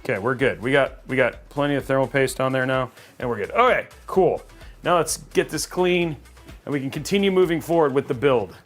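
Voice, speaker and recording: A man with a mid-range voice talks fairly quickly over faint background music. Hosting a live PC-building stream from a studio, he chats cheerfully and casually, rambling with lots of fillers.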